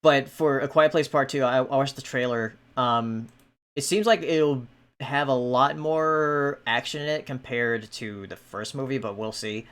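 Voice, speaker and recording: A man's voice: mid-range voice, measured pace, fairly bright tone, clean tone. Hesitant man hosting a podcast. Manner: hesitant, many ums and restarts. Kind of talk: casual podcast chat.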